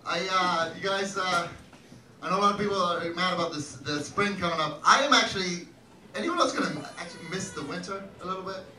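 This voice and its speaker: A man with a fairly high voice delivers a wry, self-deprecating stand-up comedy set, breaking into loud shouted bits. He sounds a little far from the mic in an echoey comedy club, with heavy crowd laughter around him. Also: a little fast, a little hiss or hum. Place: comedy club stage with live audience.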